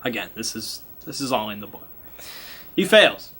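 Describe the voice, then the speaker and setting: A man's voice: on the low side, very animated, normal speed, bright, forceful tone, slightly rough. A man game master casually retelling a tabletop game session, laughing often and swearing casually.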